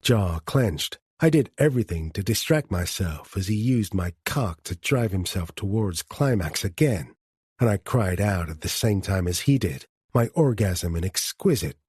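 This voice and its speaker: A man reading an audiobook in a measured first-person narration. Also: low voice, a little mellow, slightly rough, no room sound, studio quality. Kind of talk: scripted narration.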